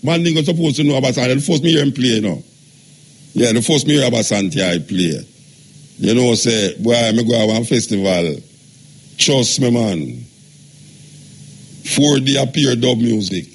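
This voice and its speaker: A husky-voiced man hosts a talk radio show. His delivery is loose and rambling, circling back on his own phrases. The voice has a slightly breathy edge throughout. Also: mid-range voice, animated, moderate pace, long pauses. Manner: loose, rambling, repeats himself.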